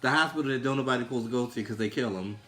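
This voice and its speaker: A man's voice: mid-range voice, rapid-fire, soft background music. A young man with a Baltimore accent, co-hosting a casual livestream chat and teasing his co-host. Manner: sassy, teasing, loud bursts of laughter.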